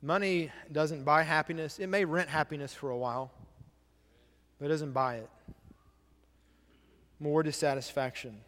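A man's voice: a little high, fairly even intonation, moderate pace, pauses often, fairly bright tone, big-room sound. A male pastor giving a sermon, repeating key phrases and asking the congregation questions. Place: church sanctuary.

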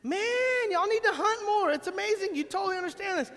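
A man preaching a sermon, telling a funny story in an animated, joking way. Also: very high voice, a little fast, slight background noise. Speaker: pastor. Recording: long reverb in a big hall.

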